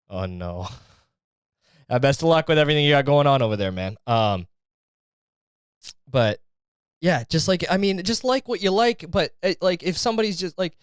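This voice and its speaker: A man's voice: on the high side, expressive, moderate pace, pauses often, clean tone, no echo, studio quality. A young man hosting a solo podcast, ranting in a sarcastic, profane, casual way. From Canada. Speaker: podcast host.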